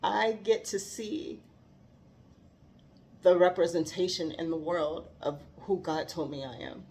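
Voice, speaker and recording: A woman's voice: on the low side, a little slow, darkish tone, a little hiss or hum. A woman talking earnestly about faith and growth, heartfelt and given to laughing. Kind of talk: reflective faith talk.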